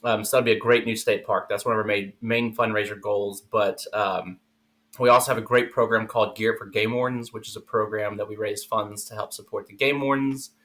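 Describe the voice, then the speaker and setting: Man, 30s, from South Texas, fairly low voice, bright tone, easygoing podcast guest. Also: fairly even intonation, brisk. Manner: easygoing, explains with fillers. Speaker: guest, nonprofit engagement manager. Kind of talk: conversational podcast interview.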